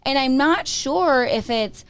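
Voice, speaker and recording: A woman's voice: sits high, expressive, slow pace, fairly bright tone. An Arizona-born woman co-hosting a casual real estate market chat, joking and restarting her sentences. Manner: chatty, joking, trails off and restarts.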